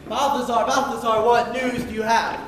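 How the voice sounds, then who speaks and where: A man's voice: very high-pitched, level tone, moderate pace, background noise. A man on stage playing a lovesick, dramatic young male hero, delivering every line melodramatically. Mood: anxious. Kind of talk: amateur stage comedy. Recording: distant, echoey stage recording.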